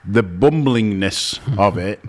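A man's voice: on the low side, lively intonation, slow pace. A man co-hosting a radio show, telling a story with lots of laughter and restarts. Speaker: radio co-host. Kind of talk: casual radio banter.

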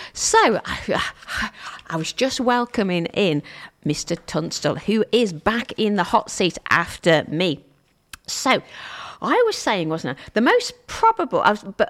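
A woman's voice: lowish voice, a bit bright. A woman from Stoke-on-Trent presenting a radio show, chatting casually and mocking herself as she tells stories. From Stoke-on-Trent, England. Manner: chatty, self-mocking, storytelling.

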